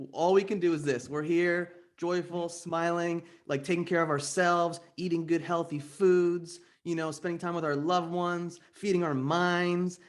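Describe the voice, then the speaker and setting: A man hosting a podcast in relaxed, agreeable casual conversation, chiming in with frequent affirmations. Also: fairly high pitch. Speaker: podcast host.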